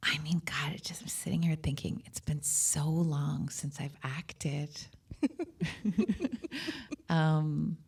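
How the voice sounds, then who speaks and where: Super low-pitched woman chatting on stage, candid, rambly asides. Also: flat delivery, takes it slowly, creaky, long pauses, darkish tone, breathy edge. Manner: chatty and candid, frequent laughs and "like". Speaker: filmmaker and actor, interview guest. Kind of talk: live on-stage conversation. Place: cinema auditorium with live audience.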